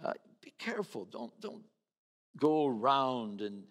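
A man's voice: medium pitch, sing-song, measured pace, fairly bright tone. A man preaching a sermon in a conversational way, acting out the voices of the people he quotes. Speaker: pastor. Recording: reverberant hall.

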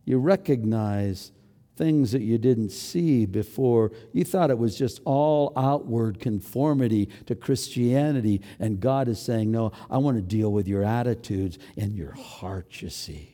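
A man preaching a sermon as a pastor, swinging between loud exclamations and hushed, near-whispered lines as he acts out his own thoughts. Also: mid-range voice, expressive, unhurried, long reverb tail. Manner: dramatic swings from loud to hushed, acting out inner voices.

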